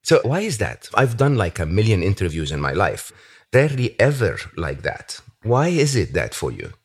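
Deep-voiced man hosting a warm interview. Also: wildly swooping pitch, breathy edge. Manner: reflective, pausing often, laughs easily. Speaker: podcast host. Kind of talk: casual interview chat.

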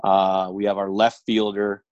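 A middle-aged man, a high school baseball coach, talking frankly and casually with many fillers over a video call. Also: monotone, unhurried, a little mellow, dry recording, dull audio. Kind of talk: casual interview chat. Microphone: video call with earbuds.

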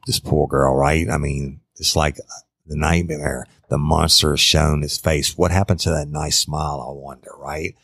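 Male true crime storyteller, very deep gravelly voice, dry close sound, folksy and conversational. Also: steady tone, a bit bright, no room sound. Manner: conversational, drawn-out, addresses listeners as y'all. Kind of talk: casual true crime narration.

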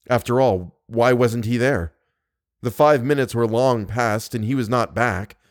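A man reading a novel aloud as audiobook narration, in a measured, suspenseful way. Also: mid-range voice, no room sound, clean studio sound. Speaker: audiobook reader. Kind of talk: scripted narration.

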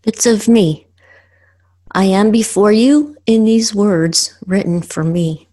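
A woman podcast host reading her own poems aloud in a slow, earnest way with pauses. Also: mid-range voice, mellow.

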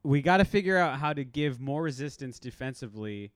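A man co-hosting a casual sports podcast. He talks in an animated way, laughs often and trails off with fillers. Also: medium pitch, fairly quick, clean tone, dry recording, clean studio sound. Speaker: podcast co-host.

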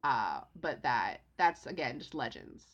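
A woman co-hosting a casual book discussion, retelling the story with lively quoted asides. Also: rumbling low, a little slow, highs cut off. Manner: animated retelling with voiced quotes of characters. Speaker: podcast co-host recapping a novel.

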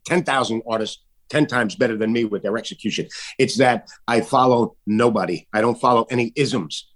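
A man talks in a loose, emphatic way, his pitch sitting in an ordinary middle range. He swears freely and throws his voice up high whenever he mocks someone else. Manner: emphatic, swearing, voice jumps high when mimicking others. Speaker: artist guest. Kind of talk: casual political chat.

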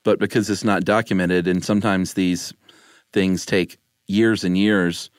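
A man's voice: low voice, fairly even intonation, unhurried, clear, resonant tone, dry recording, studio quality. A man co-hosting a podcast in casual chat, teasing his partner and laughing often. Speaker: podcast co-host.

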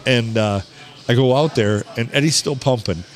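A man hosting a podcast from a bar, telling a story in a casual, animated way, swearing and quoting people. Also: medium pitch, normal speed. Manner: swearing, animated anecdote teller who quotes people. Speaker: podcast host.

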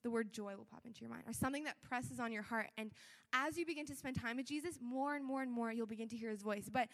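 High-voiced young woman preaching in an echoing hall. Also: quick pace. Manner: conversational, earnest, with many fillers. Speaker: church speaker. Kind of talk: sermon. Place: church hall. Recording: long echo of a large hall.

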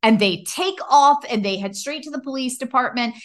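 A woman's voice: sits high, moderate pace. A woman co-hosting a podcast, chatting casually and enthusiastically, swearing freely. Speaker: podcast co-host. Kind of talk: casual chat.

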